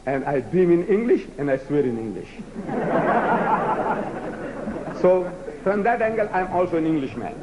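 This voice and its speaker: A man's voice: fairly high pitch, big pitch swings, a little fast, few pauses, highs cut off, over a noisy crowd, heavy background noise. A man from South Africa whose first language is Gujarati, giving a rhetorical, challenging public lecture to a live audience. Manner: rhetorical, challenging, acts out debates with mock voices.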